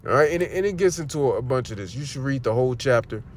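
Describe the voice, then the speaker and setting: A man teaching a religious lesson on a livestream in a loud, angry, profane rant. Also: medium pitch, lively intonation, fast talker, a little hiss or hum.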